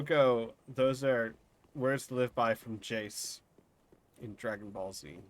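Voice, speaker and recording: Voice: mid-range voice, takes it slowly. A streamer doing live commentary over a hard video game, exclaiming at each death and laughing it off.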